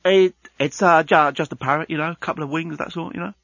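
Shifty builder guy, stammering, a bit higher, voiced by a male narrator; husky. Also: fairly even intonation, quick pace, fairly bright tone, no echo, muffled recording. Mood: evasive. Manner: stammering, mumbling excuses.

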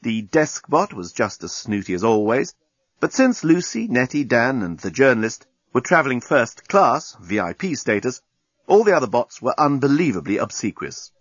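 A man narrating an audiobook in a wry, expressive way. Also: mid-range voice, normal speed, husky, no echo, highs cut off.

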